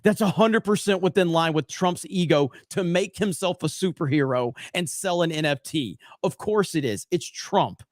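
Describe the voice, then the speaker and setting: A man's voice: a little high, no echo, studio quality. A man hosting a political commentary stream, talking in a heated, profane way. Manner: heated, profane, rapid back-and-forth.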